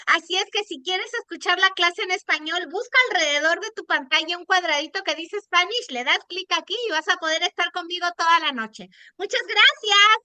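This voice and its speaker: A woman working as the Spanish interpreter, giving a warm welcome to listeners. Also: very high-pitched, fast talker, few pauses, dry recording.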